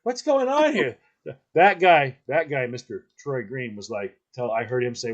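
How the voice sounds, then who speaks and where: Animated laughing man telling stories. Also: mid-range voice, normal speed, highs cut off. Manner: animated, laughing, acts out quotes in funny voices. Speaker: podcast host. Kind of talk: casual storytelling chat.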